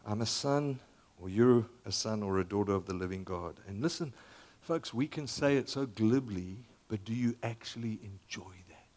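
A man in his sixties preaching a sermon as pastor, conversational and animated, dropping to near whispers and rising again. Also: fairly low pitch, moderate pace. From Zambia.

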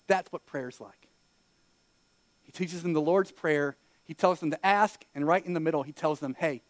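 Animated high-voiced Carolina preacher. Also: male voice, no echo. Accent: eastern North Carolina. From eastern North Carolina. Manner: conversational preaching, animated asides and acted-out quotes. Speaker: pastor. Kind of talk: sermon.

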